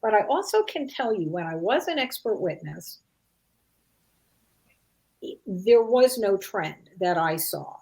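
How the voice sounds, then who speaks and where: A woman's voice: mid-range voice, sing-song, slow, pauses often, a little mellow. Middle-aged woman chatting as an expert guest, thoughtful, lots of "you know", acts out little example lines. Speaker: expert guest on parental alienation. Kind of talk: conversational interview answer.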